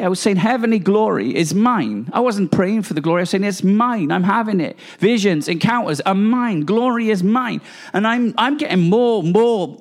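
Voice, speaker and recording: A man preaches in an exuberant, charismatic way. His voice sits high for a man, and he is emphatic and often laughs between his points. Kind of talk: charismatic sermon.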